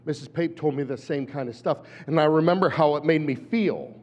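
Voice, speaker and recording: Man in his 50s, animated storytelling speaker, long hall reverb, dull lo-fi sound. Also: on the high side, brisk. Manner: animated, acts out voices. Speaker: conference speaker. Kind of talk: storytelling keynote talk.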